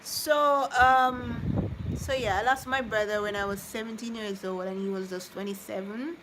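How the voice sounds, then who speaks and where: A woman's voice: fairly high pitch, steady tone, moderate pace, background noise. A woman, chatting casually with live-stream viewers. She rambles, repeats herself, and speaks from the heart. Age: 30s. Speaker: vlogger reading live chat.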